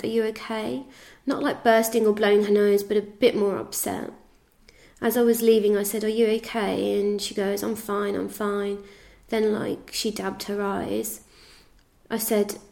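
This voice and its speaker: A woman with an English accent giving a halting spoken account, retelling conversations step by step. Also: medium pitch, creaky. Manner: flat, halting retelling with reported speech. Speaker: interviewee recounting events. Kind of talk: spoken testimony.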